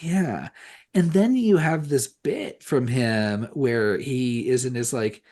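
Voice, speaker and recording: A male co-host on a podcast discusses a horror movie in casual chat, his mid-range, darkish voice taking it slowly but with lively intonation. He rambles and swears, leaning on "like" and frequent restarts.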